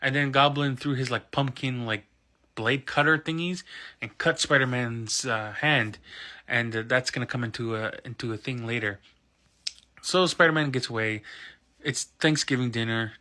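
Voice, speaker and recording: Speaking at a normal speed in a sharp, medium-pitched voice, this 30s podcast host gives a loose, rambling film recap. He keeps restarting and correcting himself.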